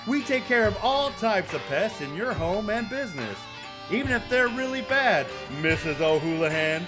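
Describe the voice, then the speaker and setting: A man voicing a boastful pest-control pitchman in a spoof radio ad, pushy and folksy, over guitar music. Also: very animated, moderate pace. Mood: salesy.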